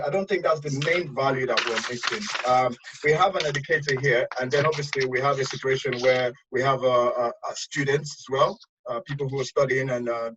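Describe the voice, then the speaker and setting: A man's voice: medium pitch, a bit bright, breathy edge, distant mic, dull audio. A man from Nigeria hosting a podcast discussion, hesitant with many fillers, often checking in with "right?". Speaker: podcast host. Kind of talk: casual discussion.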